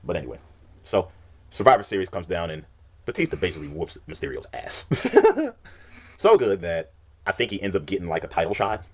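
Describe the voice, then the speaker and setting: Brief: low-voiced man, rapid-fire wrestling recap, rambling and animated. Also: slightly rough. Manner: fast, rambling recap with acted-out quotes. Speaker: wrestling list narrator. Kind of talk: recounting wrestling storylines.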